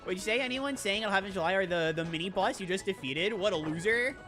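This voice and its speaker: A woman's voice: mid-range voice, lively intonation, fast. A woman streaming a video game, chatting casually and rambling in a self-mocking way as she reacts to chat. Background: game music.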